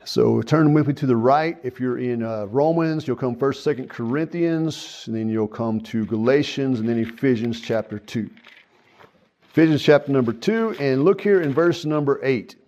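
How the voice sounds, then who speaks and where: A man's voice: medium pitch, moderate pace, dark tone. A man preaching a sermon as pastor, earnest and folksy, with frequent fillers. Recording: dull lo-fi sound.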